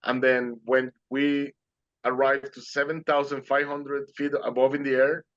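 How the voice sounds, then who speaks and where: A man in an online interview, recounting a dramatic personal story with earnest animation and non-native English phrasing. His voice sits at an ordinary middle pitch. The sound is slightly muffled and lo-fi, as a video call tends to be. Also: level tone, unhurried. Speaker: guest speaker.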